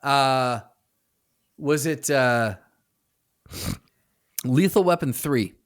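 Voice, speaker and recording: A man's voice: mid-range voice, extremely slow. A man co-hosting a podcast in casual chat, rambling through joking guesses and repeating words while he thinks. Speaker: podcast co-host.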